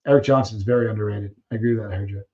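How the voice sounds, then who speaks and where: A man's voice: on the low side, steady tone, racing, darkish tone, highs cut off. A man hosting a casual live stream, chatting loosely with viewers, reading out their questions and trailing off while he searches for names.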